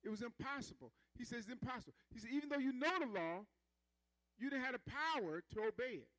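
Male preacher, sermon, call-and-response, high bright voice, dry close sound. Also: expressive, quick pace, no echo, poor audio. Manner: conversational, call-and-response, rhythmic emphasis.

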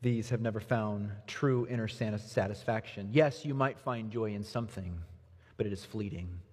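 A man pastor preaching a sermon in a church, earnest, moving from soft low passages to lifted emphasis. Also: moderate pace, husky. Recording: reverberant hall.

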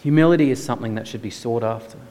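A man preaching a sermon with earnest, emphatic rhetorical questions. His mid-pitched voice carries a long reverb from the church hall around him. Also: very fast, mellow.

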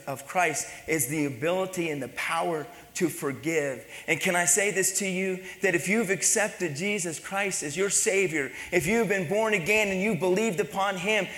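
A pastor delivering a sermon to his church, swinging between hushed, low passages and raised, emphatic ones. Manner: preaching with dynamic swings between soft and loud. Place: church sanctuary. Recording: echoey church hall.

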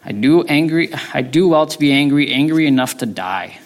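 A man's voice: fairly high pitch, expressive, moderate pace, voice pushed up, close to an everyday voice. A man voicing a sulking, indignant male prophet in a sermon reading, with a whiny, exasperated delivery.

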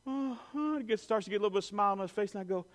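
A man telling an animated personal story to an audience, full of "you know" and "I mean". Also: high voice, very fast.

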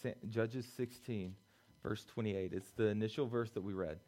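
A young man preaching a youth sermon, swinging between loud pleading and quiet, low talk. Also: moderate pace. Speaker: youth pastor.

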